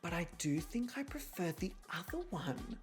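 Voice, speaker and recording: A woman's voice: fairly low pitch, big pitch swings, moderate pace. A woman streaming live, chatting casually and thinking aloud as she weighs choices and answers her viewers. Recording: faint music underneath.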